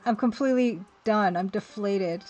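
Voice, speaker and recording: A woman's voice: mid-range voice, normal speed, darkish tone, faint music behind. A woman chatting casually on a live stream, self-mocking and chatty as she reads chat.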